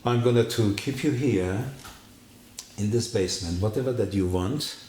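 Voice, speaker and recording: A man's voice: lowish voice, moderate pace, slight background noise. Echoey man telling his testimony. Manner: animated storytelling, acts out dialogue. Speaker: church member giving testimony. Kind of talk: personal testimony story. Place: church hall. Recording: echoey room.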